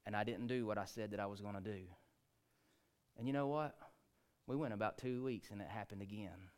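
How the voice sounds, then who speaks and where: A man, preaching a sermon, swinging between hushed, quiet lines and loud, rising ones. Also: on the low side, a little fast, clear, resonant tone. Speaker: pastor.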